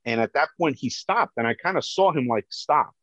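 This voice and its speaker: A man, a police officer, telling his own story as personal testimony in an earnest, halting way with many restarts. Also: medium pitch, animated, fairly bright tone, no room sound. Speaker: police officer recounting a rescue. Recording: dull lo-fi dry sound.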